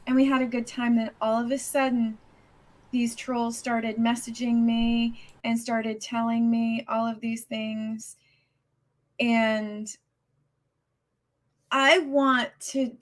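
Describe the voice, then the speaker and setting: A woman ranting on her live stream, upset and agitated, talking in halting bursts with lots of restarts and swearing. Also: on the high side, little pitch movement. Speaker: livestreamer. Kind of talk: casual live-stream rant.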